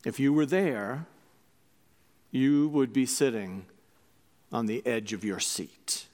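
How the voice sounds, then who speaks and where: A man preaching a sermon as a priest, telling stories in an animated way and acting out their voices. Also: mid-range voice, slow. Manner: animated storytelling, acts out voices. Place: church. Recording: long church reverb.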